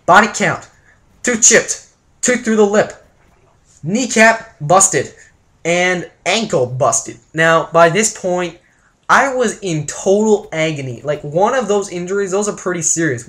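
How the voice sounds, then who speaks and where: A man's voice: fairly high pitch, fairly bright tone. A young man from Canada telling a wild story to his viewers in a joking, exaggerated vlog style. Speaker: vlogger.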